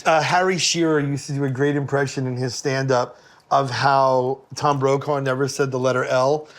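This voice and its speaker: Animated man. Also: mid-range voice, normal speed. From Brooklyn, New York. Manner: animated, slips into mock voices. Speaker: guest. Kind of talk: casual chat.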